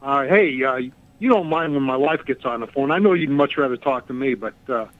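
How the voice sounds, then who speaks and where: A man's voice: medium pitch, lively intonation, fairly quick. A man calling in to a talk radio show, friendly and playfully needling the host. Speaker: caller. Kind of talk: casual phone-in chat. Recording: tinny phone line.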